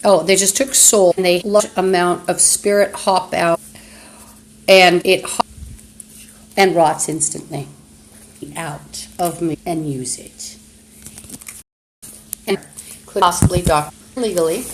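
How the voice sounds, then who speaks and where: A woman's voice: on the low side, fairly even intonation, slow, pauses often. Woman ranting on a phone livestream, cussing a lot, echoey room, bit of hiss. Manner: agitated, profane, rambling. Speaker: live streamer. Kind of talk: live-streamed monologue. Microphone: phone streaming app.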